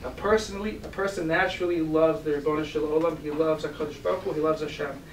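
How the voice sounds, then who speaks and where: High-pitched rabbi telling stories in a sermon, acts out the people, mic far off, slight hiss. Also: male voice, quick pace. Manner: animated storyteller who acts out the voices in his stories. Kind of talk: storytelling sermon. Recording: roomy, distant mic, faint hiss.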